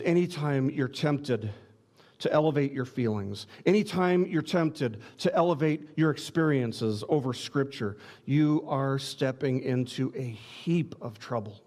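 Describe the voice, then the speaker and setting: A man's voice: mid-range voice, a little mellow. A man preaching a sermon, earnest and direct, often restarting words with small stammers as he presses his points. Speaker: pastor.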